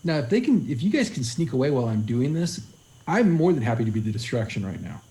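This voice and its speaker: A man's voice: medium pitch, sing-song, quick pace, dark tone. A man playing a tabletop game, confidently planning his character's moves aloud. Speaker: player. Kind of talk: casual tabletop play.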